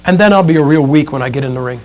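A cocky heavyweight boxing champ, boastful and relaxed, as a preacher acts him out. He talks his way through his plan in an easy, self-assured voice. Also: a little high, very fast, pitched below the performer's own voice, natural voice.

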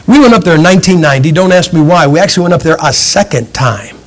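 A middle-aged male pastor telling a story from the pulpit, animated and acting out the scenes as he goes. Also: fairly high pitch, fast talker. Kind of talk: sermon illustration, storytelling. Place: church, speaking from a pulpit.

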